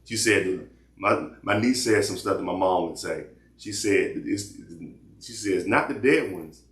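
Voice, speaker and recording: A man's voice: low-pitched, measured pace, echoey room. A man hosting casual commentary, talking loosely with lots of restarts. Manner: loose rambling talk with repeated restarts. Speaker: commentary host.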